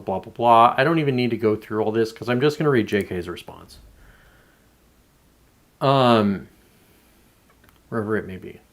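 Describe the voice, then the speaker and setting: A man hosting his own show from home, rambling through casual commentary with plenty of swearing and restarts. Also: mid-range voice. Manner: rambling, profane, self-interrupting. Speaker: show host. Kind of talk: casual political commentary monologue.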